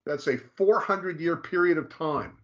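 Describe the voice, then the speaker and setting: A man's voice: a little high, a little slow, fairly bright tone. A man explaining scripture in casual talk, lecturing with frequent restarts and checks of "okay". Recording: dull lo-fi sound.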